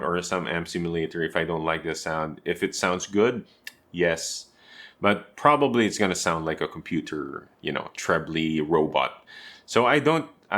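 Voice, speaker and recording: A man's voice: low voice, fairly bright tone. A man giving a casual guitar tutorial from his home room, explaining step by step with chatty asides to the viewer. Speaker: guitarist and teacher.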